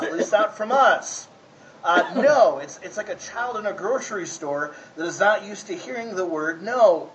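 A man's voice: high-pitched, a bit bright, a little hiss or hum, rough recording. A man preaching a conversational sermon, folksy and often asking his listeners if they follow. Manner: folksy, asks the congregation 'right?'. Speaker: pastor.

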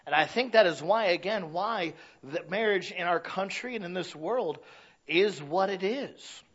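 A man's voice: sits high, lively intonation, measured pace, fairly bright tone. A man preaching a sermon in a conversational, plainspoken way with self-deprecating humor. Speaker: pastor. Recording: slightly dull lo-fi sound.

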